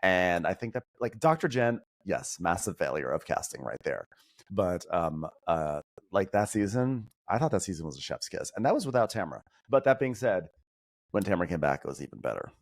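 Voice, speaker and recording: A man guesting on a podcast, chatting about reality TV in an animated, opinionated way and mimicking people he quotes. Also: low voice, moderate pace. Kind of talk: casual pop-culture chat.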